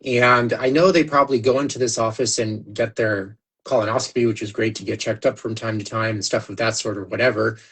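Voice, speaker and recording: A man's voice: fairly low pitch, steady tone, fairly quick, hardly any pauses, fairly bright tone, slightly rough. A man hosting a podcast, chatting loosely and using lots of fillers. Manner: loose, filler-heavy chat. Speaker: podcast host. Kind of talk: casual podcast conversation.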